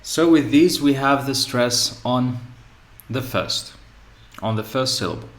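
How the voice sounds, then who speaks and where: Male teacher, measured slow delivery, mid-pitched, repeats example words, echoey classroom sound. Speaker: English teacher. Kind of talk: grammar lesson. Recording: echoey room.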